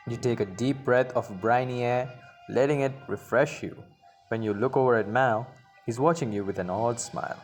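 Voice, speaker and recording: Guy reading a story game out loud, middle pitch, chatty side comments, soft music in back. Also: moderate pace. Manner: chatty asides and frequent laughs. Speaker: game narrator and player.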